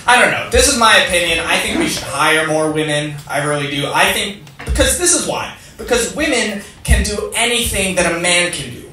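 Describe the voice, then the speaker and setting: A man performing a stand-up comedy set in a comedy club, deadpan jokes and riffing with the crowd. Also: high voice, moderate pace, hardly any pauses. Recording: echoey club from a far mic, loud noise. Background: audience laughter.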